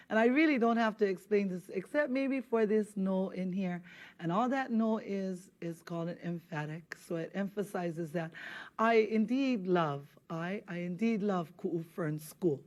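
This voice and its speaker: Woman, patient studio language teacher, repeats words slowly. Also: medium pitch. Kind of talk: televised language lesson.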